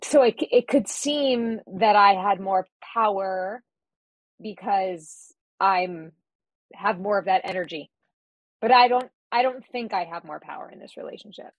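A woman's voice: medium pitch, a little slow, no echo, low-quality recording. A woman in casual podcast chat, talking about her relationship, with frequent "like" fillers. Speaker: podcast co-host.

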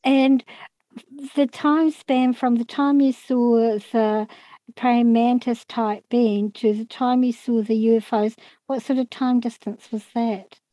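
A woman's voice: fairly high pitch, steady tone, takes it slowly, warm tone, no echo, low-quality recording. A woman host asking interview questions, attentive and affirming.

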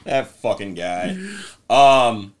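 A man co-hosting a casual podcast chat, retelling a film with lots of swearing and quick voiced impressions. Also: fairly low pitch, slight background noise. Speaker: podcast co-host.

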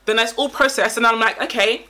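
Fast-talking woman with a bright, higher voice, lively and slangy on a podcast. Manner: lively, laughs often, uses slang. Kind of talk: casual chat.

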